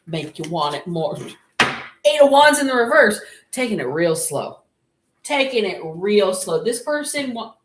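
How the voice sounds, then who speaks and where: A woman's voice: on the low side, a little hiss or hum. A woman with an American accent giving a casual tarot reading, candid and laughing easily, swearing freely. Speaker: tarot reader. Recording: roomy echo.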